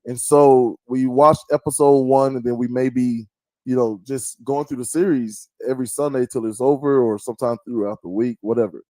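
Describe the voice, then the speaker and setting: A middle-aged man hosts a podcast in a casual, chatty way. He tells stories and slips into voices to mimic people. His voice sits at a middle pitch in a dry studio. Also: steady tone, normal speed, mellow, dry recording. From American South. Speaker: podcast host. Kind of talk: casual chat.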